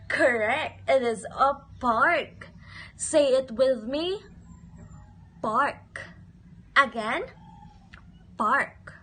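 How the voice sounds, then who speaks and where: A woman's voice: high voice, pushed and bright, a little hiss or hum. A woman teaching a phonics lesson to young children, asking questions and having them repeat words in a sing-song way.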